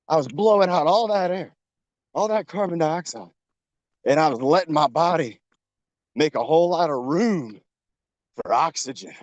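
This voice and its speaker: A man's voice: on the high side, darkish tone, no echo. A man coaching a workout while jogging outdoors, encouraging and a little out of breath. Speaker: fitness coach. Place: outdoors on a trail.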